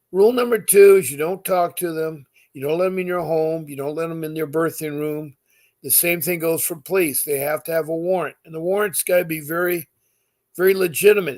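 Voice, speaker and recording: A middle-aged man talking straight to his viewers, giving earnest, insistent advice that repeats its points, with many fillers. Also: fairly high pitch. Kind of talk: direct-to-camera advice talk.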